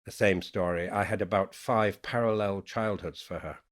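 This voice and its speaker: A middle-aged man with a mixed Yorkshire, Irish and American accent, speaking in an unhurried, thoughtful way as a guest poet in a reflective conversation. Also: fairly low pitch, fairly even intonation. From England, Yorkshire.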